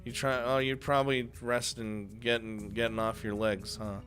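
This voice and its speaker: A man reading a visual novel aloud with excitable, swearing commentary, often breaking off mid-sentence. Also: mid-range voice, normal speed, faint music behind. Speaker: video game let's player.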